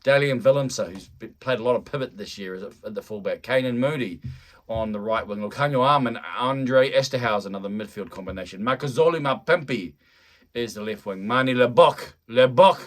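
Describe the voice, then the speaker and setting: A man's voice: fairly low pitch, fairly quick. A man commentating a rugby match in a chatty, rambling, self-deprecating way, often restarting his sentences. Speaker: fan commentator. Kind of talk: live-style rugby play-by-play commentary.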